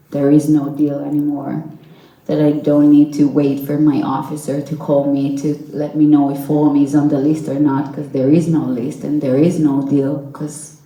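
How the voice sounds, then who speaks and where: A young woman speaks slowly and earnestly, sometimes halting to find her words. Her voice sits low and mellow. The sound carries the roomy echo of a hall. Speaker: hostage's relative giving testimony. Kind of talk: personal testimony at a public event. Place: event hall with audience.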